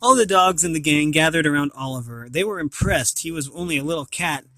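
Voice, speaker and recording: A man reading a children's storybook aloud, now and then stumbling and restarting a word. His voice is bright and a little high. The sound is close and dry. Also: fairly quick, no room sound. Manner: animated reading, occasional slips and restarts. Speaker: storybook reader.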